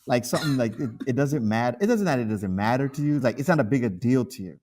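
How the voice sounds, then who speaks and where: A man's voice: medium pitch, expressive, fast, darkish tone. A man co-hosting a casual podcast chat, loose and profane, laughing often and acting out the people in his stories. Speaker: podcast co-host.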